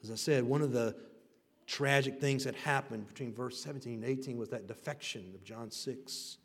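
A male pastor preaching a sermon with emphatic, rising and falling delivery, swinging between loud declarations and hushed lines. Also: mid-range voice, moderate pace, breathy edge. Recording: long reverb of a large hall.

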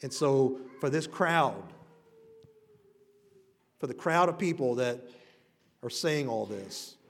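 A male pastor preaching a sermon with emphatic, rising and falling delivery, swinging between loud declarations and hushed lines. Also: medium pitch, animated, slow pace, vocal fry. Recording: long reverb of a large hall.

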